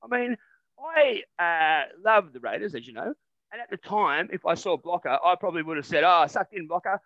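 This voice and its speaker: An Australian man co-hosting a satirical podcast, rambling and animated, swearing freely in casual banter. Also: high-pitched, normal speed, dry recording, muffled recording. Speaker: podcast co-host.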